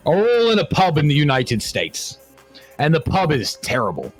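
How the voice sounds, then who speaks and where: A man's voice: a little high, huge pitch swings, normal speed, husky, soft background music. A man hosting a livestream, joking and teasing in casual banter. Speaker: livestream host.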